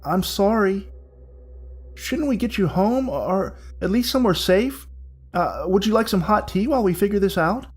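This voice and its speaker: A man's voice: sits high, lively intonation, moderate pace, husky, pitched above the performer's own voice. A man doing a hesitant, nervous watchman. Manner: hesitant, with ums and uhs.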